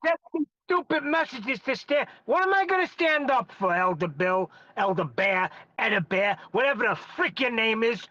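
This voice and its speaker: A man with a high, bright, tense voice rants hotheadedly on a live stream. The sound is dry and dull, as through an online call. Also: animated, normal speed, few pauses, no echo. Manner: hotheaded, ranting. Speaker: show guest. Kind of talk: heated live stream banter. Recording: muffled online call audio.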